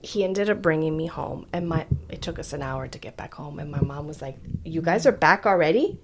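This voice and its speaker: A woman co-hosting a podcast, telling a story in a blunt, animated way and dropping in Spanish phrases. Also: sits low, brisk, slight background noise. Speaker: podcast co-host. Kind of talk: casual storytelling chat.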